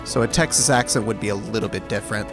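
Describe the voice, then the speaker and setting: A man's voice: fairly low pitch, quick pace, over music. Chatty, rambling man from Alabama. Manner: rambling and self-correcting, light chuckles. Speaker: streamer. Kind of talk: casual chat with stream viewers.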